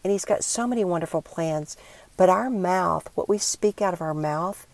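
An older woman speaking in an earnest, encouraging way, giving a devotional talk and leading listeners through a quiet prayer exercise. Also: lowish voice, normal speed, gravelly, dry recording. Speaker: Christian speaker.

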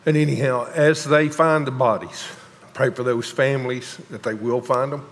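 A man, a pastor speaking haltingly and emotionally to his congregation, often pausing and sighing. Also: mid-range voice. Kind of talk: emotional sermon announcements. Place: large church sanctuary. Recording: long hall reverb.

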